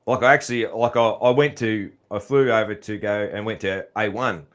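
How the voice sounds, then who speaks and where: A man's voice: on the low side, fairly even intonation, normal speed. A middle-aged man with an Australian accent hosting a podcast, chatting casually in a rambling way with frequent laughs. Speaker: podcast host. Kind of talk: casual interview chat.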